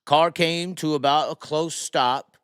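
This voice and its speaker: A man's voice: fairly high pitch, slow, smooth, no room sound, clean studio sound. Profane man telling a story. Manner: animated, profane, acts out the people in his story. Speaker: podcast host. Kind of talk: casual live-stream storytelling.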